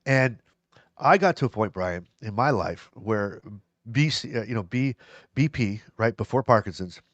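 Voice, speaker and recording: A man's voice: on the low side, lively intonation, normal speed, dry recording. A man co-hosting a live show, chatting casually and reading viewer comments aloud. He rambles, repeats himself and laughs easily. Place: live stream.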